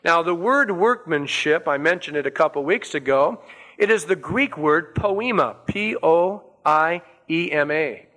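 A man preaching a sermon as a pastor, stressing and repeating key words with slow, deliberate emphasis. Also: a little high, lively intonation, fairly bright tone.

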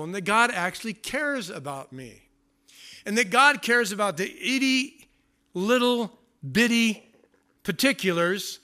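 Bright-voiced male preacher, storytelling. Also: sits high. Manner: conversational storytelling with self-mocking humor. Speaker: pastor. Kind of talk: sermon.

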